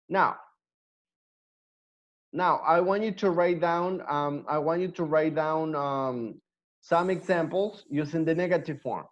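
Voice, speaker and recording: Slow, patient male English teacher. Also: on the high side, muffled recording. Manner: patient, repeats words slowly for drilling. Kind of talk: online class teaching.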